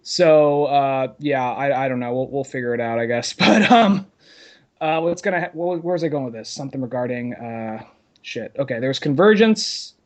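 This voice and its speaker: A man's voice: medium pitch, animated, normal speed. A man co-hosting a casual podcast who rambles, restarts his sentences and loses his train of thought. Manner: rambling, with many fillers and trailing thoughts. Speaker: podcast co-host. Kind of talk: casual chat.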